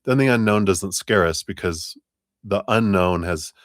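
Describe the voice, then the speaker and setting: A man's voice: low-pitched, measured pace, no echo, studio quality. A man giving live tarot readings in a chatty, rambling way, often laughing between thoughts. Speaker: tarot reader.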